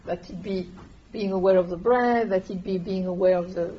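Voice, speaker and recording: Woman meditation teacher, soft unhurried guidance, muffled lo-fi recording. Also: medium pitch, steady tone. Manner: gentle, unhurried, soft-spoken with pauses. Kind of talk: calm meditation instruction. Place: meditation hall with listeners. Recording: dull lo-fi room recording with faint hiss.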